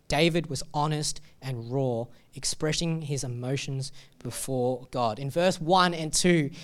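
A man's voice: medium pitch, smooth. A young adult man, a pastor giving a sermon in a casual, joking way and reading scripture with feeling.

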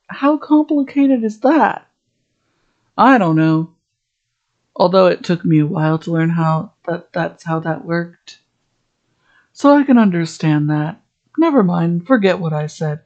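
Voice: mid-range voice, darkish tone, lo-fi sound. A podcast host in a casual episode recap, rambling and chatty, full of "like" fillers and restarts.

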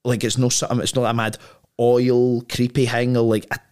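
A man's voice: mid-range voice, monotone, a little fast, a little mellow, clear, resonant tone. A man, a podcast guest telling a story in a casual, slangy way, full of "like" and "right?".

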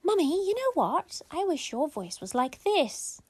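A woman voicing an eager young boy in a children's story, raising her pitch. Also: big pitch swings, measured pace, a little mellow, dry recording.

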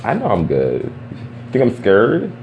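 Brief: New man, street comedian, teasing banter, swooping animated voice, noisy recording. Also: fairly low pitch, measured pace, muffled recording. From Brooklyn, New York. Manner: joking, laughs often, loud teasing.

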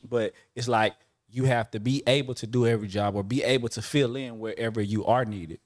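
A man's voice: mid-range voice, steady tone, brisk, no room sound, studio quality. A man co-hosting a casual podcast chat, laid-back and slangy, laughing often. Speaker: podcast co-host.

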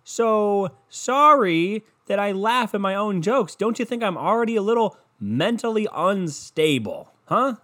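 A man's voice: high voice, animated, measured pace, few pauses, a bit bright. A man hosting a solo podcast from his bedroom, talking in a rambling, profane, jokey way. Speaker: podcast host. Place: bedroom, in the dark. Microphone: microphone.

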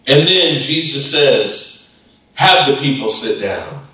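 A male pastor preaching a lively sermon and acting out the voices of the disciples, recorded in a church sanctuary. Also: mid-range voice, takes it slowly, far from the mic. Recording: echoey church hall, off-mic.

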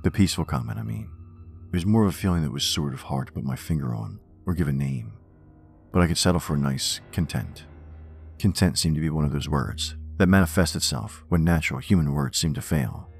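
A man narrating a first-person horror story in a measured, wry, reflective way. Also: rumbling low, animated, creaky. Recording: faint music bed under narration.

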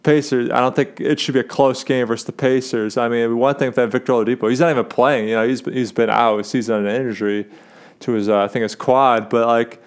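A man's voice: mid-range voice, steady tone, fast talker, clean tone. A young man hosting a casual sports talk show, rambling with lots of fillers and restarts as he gives his takes. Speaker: sports podcast host.

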